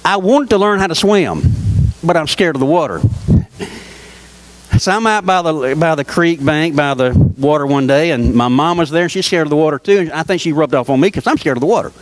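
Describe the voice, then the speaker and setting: Guy preaching, highish voice, storytelling sermon style, keeps asking the church stuff. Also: a little fast, low-quality recording. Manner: animated storytelling with rhetorical questions to the congregation.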